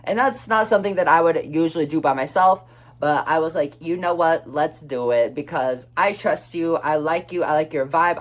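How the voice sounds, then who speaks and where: A young man chatting through a personal story in a casual vlog, rambling and swearing freely, quick to flare up. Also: a little high. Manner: chatty and expressive, swears freely, flares up when retelling anger; rambling, restarts and many fillers.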